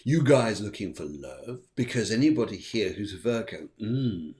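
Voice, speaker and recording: A man's voice: lowish voice, very animated, moderate pace, few pauses, a little mellow. A man hosting a live astrology show, chatting playfully and reading out viewer comments. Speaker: host.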